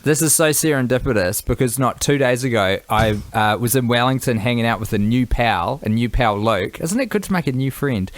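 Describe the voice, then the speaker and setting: A man co-hosting a podcast, asking questions in an animated, jokey way. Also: mid-range voice, brisk, hardly any pauses, no room sound. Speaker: podcast co-host. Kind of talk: casual chat.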